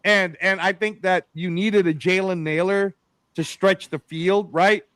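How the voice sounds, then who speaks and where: A man hosting a casual sports podcast, animated and rambling, calling people "bro" and "man". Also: sits high, measured pace, clear, resonant tone, dry recording. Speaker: podcast host.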